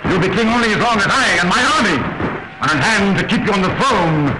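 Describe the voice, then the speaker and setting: An actor playing a domineering, blustering general and dictator, speaking in a bullying, commanding way, in 1930s film style. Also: male voice, high voice, expressive, fast talker, echoey room. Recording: hissy early 1930s film soundtrack.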